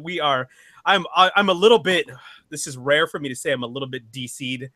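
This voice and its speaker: A young man hosts a casual podcast with a bright, forceful voice that sits a little high for a man. He talks in an excitable, joking way and often restarts his sentences. The sound is dry and close. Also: brisk, no room sound. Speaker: podcast host.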